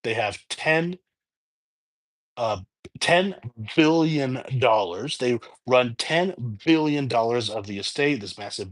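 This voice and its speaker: A man hosting his own review channel, casually retelling a film's plot off the top of his head with frequent restarts and fillers. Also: mid-range voice. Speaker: movie reviewer. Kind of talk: casual spoken film review.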